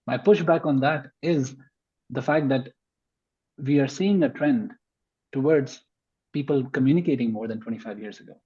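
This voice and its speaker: Man, podcast guest, mellow husky voice, emphatic debater, slightly muffled recording. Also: mid-range voice, moderate pace, long pauses. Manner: emphatic, argues point by point. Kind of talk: conversational podcast discussion.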